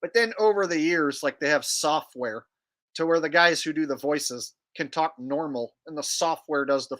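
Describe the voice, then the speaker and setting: A man's voice: on the high side, bright, forceful tone. A man hosting a livestream in casual chat, crude and rambling as he jokes around. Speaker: livestream host.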